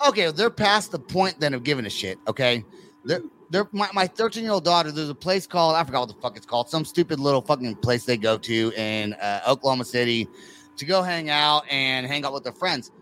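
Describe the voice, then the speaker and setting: A man's voice: medium pitch, fairly quick, slight background noise, poor audio. A middle-aged man hosting a podcast, telling profane stories in a loose, laughing chat. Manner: profane, laughing, animated storyteller. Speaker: podcast host. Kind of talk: casual chat.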